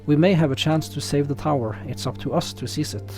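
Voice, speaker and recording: A man with a pronounced non-native English accent, narrating and commenting on a game in a relaxed, self-deprecating way. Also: a little high, fairly quick, faint music behind. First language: not English. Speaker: let's play host.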